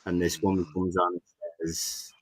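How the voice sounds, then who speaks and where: A man's voice: deep voice, monotone, normal speed. A man hosting a casual fan podcast, chatting and rambling with plenty of fillers. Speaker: podcast host. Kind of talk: casual chat. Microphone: clip-on microphone.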